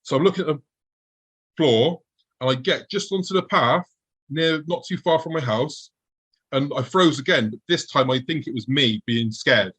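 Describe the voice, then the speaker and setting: A man's voice: mid-range voice, normal speed, pushed and bright, slightly rough, poor audio. A man, a guest on the show, vividly recounting a personal encounter and acting out his own past thoughts as he goes.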